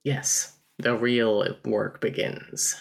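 Woman, very deep voice, gravelly fry, casual book review chat, dry wry explainer. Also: steady tone, drawn-out words. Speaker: podcast co-host, critic.

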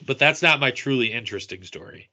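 Talking fast at a medium pitch, this podcast co-host recounts a convention anecdote in casual chat, animatedly acting out what others said.

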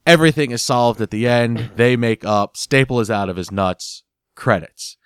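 Man, mid-pitched, casual podcast recap. Animated and giggly, with lots of restarts. Dry, close sound. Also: moderate pace, clean tone, dry recording. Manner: animated storytelling, giggles often, repeats words while he searches for them.

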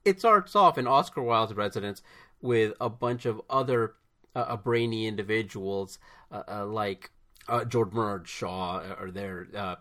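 A man co-hosting a podcast in casual chat, animated and giggly as he retells comedy. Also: lowish voice, measured pace. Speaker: podcast co-host. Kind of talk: casual chat about films.

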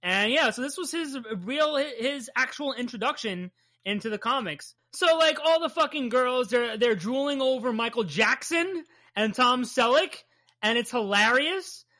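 A woman's voice: a little high, lively intonation, measured pace, sharp tone. A woman in her thirties hosting a comic book podcast, chatting casually and enthusiastically with plenty of swearing. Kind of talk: casual chat recapping a comic.

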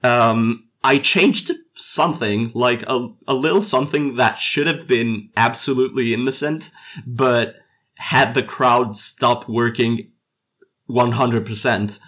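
A man's voice: mid-range voice, slow pace, fairly bright tone. A male game developer chatting casually in an interview, hesitant, with many fillers and restarts. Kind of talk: casual chat.

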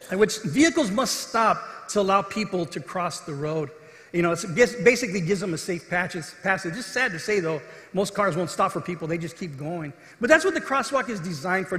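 A man's voice: sits high, a bit bright. A man preaching a sermon as pastor, earnest, acting out the voices in the scripture story. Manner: earnest preaching, acts out quoted voices with rising intensity. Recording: echoey hall.

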